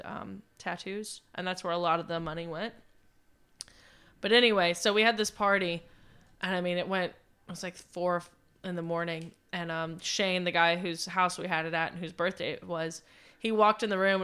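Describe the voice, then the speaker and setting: A woman's voice: fairly low pitch, clean tone. A young woman, co-hosting a podcast and telling rambling, profane party stories in casual chat. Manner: rambling, profane, animated storyteller. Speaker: podcast co-host.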